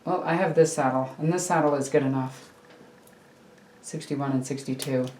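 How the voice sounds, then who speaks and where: A woman with an extremely low, steady voice rambles casually at a normal pace while building a miniature model in her home hobby room, chatty and poking fun at herself. Her tone is darkish and the sound is reverberant. She's a miniature hobby streamer, and a faint computer hum runs in the background.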